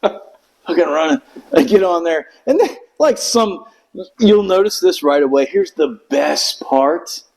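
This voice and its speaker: A man's voice: a little high, animated, a little slow, a little mellow, poor audio. A middle-aged man telling a rambling, profane story in casual chat, acting out quotes in raised voices. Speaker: Marine veteran guest.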